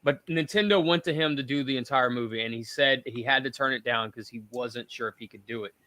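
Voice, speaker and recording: Give me a bright, forceful male host on a dry mic, ranting emphatically in casual chat. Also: medium pitch, a little fast, no room sound. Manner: emphatic, rambling rants. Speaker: podcast host.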